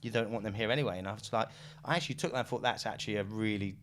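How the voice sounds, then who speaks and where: A man's voice: on the low side, very fast, a bit bright, slight background noise. A British man who founded a recruitment firm, chatting casually as a podcast guest, loose and laughing, with the odd swear. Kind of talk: casual business podcast chat.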